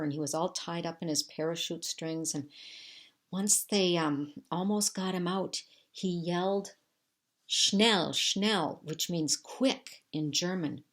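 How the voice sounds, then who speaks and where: A woman teacher reading a chapter book aloud to her class, in a steady, measured storytelling manner. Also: low-pitched.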